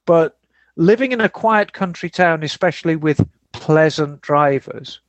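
A man hosting a casual podcast chat, relaxed and rambling, who answers listener emails. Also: on the high side, unhurried, dry recording, muffled recording. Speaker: podcast host.

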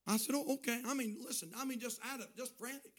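A man preaching a sermon as pastor, swinging between loud shouted bursts and quiet, hushed storytelling. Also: very high voice, fast.

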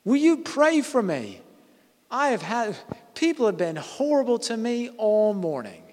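A man voicing a hurried woman driver shouting out of her car window. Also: extremely high pitch, sing-song, big-room sound, pitched above the performer's own voice, heavily acted. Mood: pleading.

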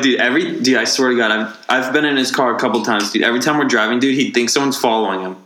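A man's voice: medium pitch, quick pace, hardly any pauses, sharp tone. A young man in casual slangy chat, laughing often. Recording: echoey room, faint noise.

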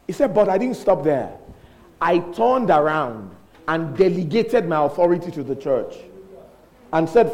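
A man preaching a sermon, emphatic and animated, repeating lines for effect and acting out dialogue. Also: on the high side, fairly quick, poor audio.

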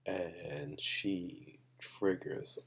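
A man's voice: sits low, fairly even intonation, very slow, over a noisy crowd. A young man co-hosting a podcast in casual chat, frank and emphatic, often repeating himself. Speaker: podcast co-host.

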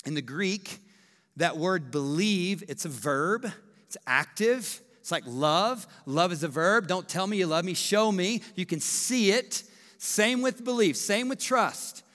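A man in his thirties, a pastor preaching a sermon with emphatic, animated delivery and acted-out quotes. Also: high-pitched, unhurried. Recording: echoey hall reverb.

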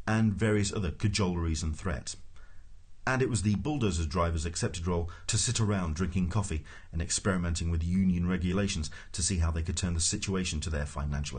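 A man's voice: low voice, brisk, a little mellow, slightly rough. A man reading a comic novel aloud in scripted narration, with a dry, wry storytelling manner. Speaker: audiobook narrator.

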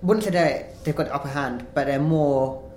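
A man's voice: on the high side, moderate pace, a little mellow, a little hiss or hum, poor audio. A man from England chatting casually about football as a co-host, hesitant, with frequent restarts. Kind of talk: casual chat.

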